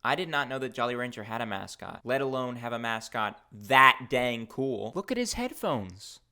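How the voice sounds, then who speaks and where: Male vlogger, mid-pitched, highly expressive delivery; jokey, rambling casual commentary. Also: moderate pace. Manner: excitable, jokey, laughs often, rambling asides. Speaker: video host ranking food mascots.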